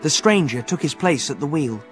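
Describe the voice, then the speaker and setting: A man's voice: fairly high pitch, animated, normal speed, loud music behind the voice. Man narrating a children's audiobook.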